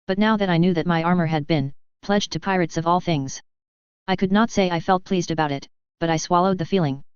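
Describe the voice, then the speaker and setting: A narrator reading a first-person story in a measured, steady way. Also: mid-range voice, smooth, no room sound. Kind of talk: first-person audiobook narration of fan fiction. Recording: dry, slightly dull.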